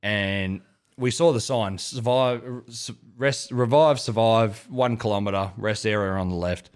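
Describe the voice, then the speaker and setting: A man's voice: on the low side, a little slow, clean tone. A young Australian man co-hosting a podcast, telling a rowdy, rambling story full of swearing. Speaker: podcast co-host. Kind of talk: casual storytelling chat.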